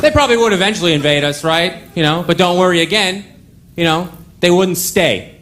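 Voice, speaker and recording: A man's voice: high-pitched, fairly quick. A young man from Canada, doing a stand-up set on a club stage with a dry, offhand delivery and many asides. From Ottawa, Canada. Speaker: stand-up comedian. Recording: live club, audience and noise.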